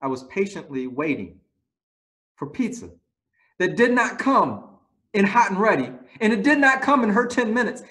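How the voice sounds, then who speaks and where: Man, pastor, sermon, high-pitched, lively storytelling. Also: moderate pace. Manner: animated storytelling, rising to loud exclaims; soft prayerful closing.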